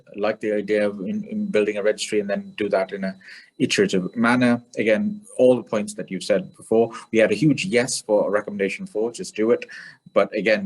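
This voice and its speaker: A man summarizing his breakout group's points in an online meeting, hurried, with fillers and restarts. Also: on the low side, a little mellow. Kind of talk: meeting report-back. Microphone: video call.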